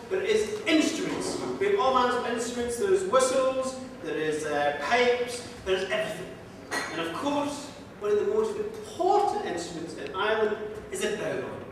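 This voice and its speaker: A man telling a comic folk story to listeners in a museum, lilting and playful, dropping low for punchlines. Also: a bit bright. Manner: comic, lilting, with sudden drops to a low mutter. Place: museum hall. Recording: echoey hall, mic far off, faint noise.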